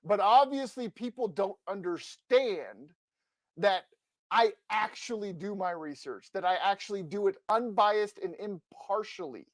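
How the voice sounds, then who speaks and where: A man's voice: high voice, unhurried, dry recording. A man co-hosting a sports podcast, ranting with passion and emphatic, combative insistence into a close mic. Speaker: podcast co-host. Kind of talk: fired-up sports rant.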